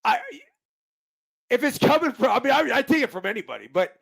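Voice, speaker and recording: A man's voice: very high voice, very animated, a little fast, gravelly, fairly bright tone. A former baseball player chatting casually on a podcast, rambling and swearing as he recalls games. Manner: rambling, profane, restarts a lot. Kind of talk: casual sports chat.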